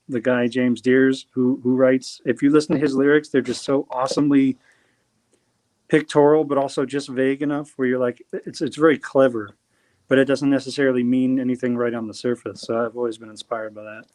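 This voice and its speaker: A man's voice: medium pitch, a little mellow, no room sound. Rambling, hesitant male singer-songwriter. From New Jersey. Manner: rambling and hesitant, many fillers and restarts. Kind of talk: casual interview chat.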